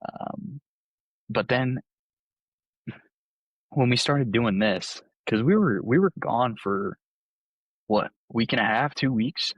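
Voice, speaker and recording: A man's voice: medium pitch, takes it slowly, long pauses, no room sound, dull audio. A young man, a podcast guest, telling a story casually, full of "like" and acted-out quotes. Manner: laid-back, lots of "like", acts out quotes. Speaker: podcast guest, college baseball player.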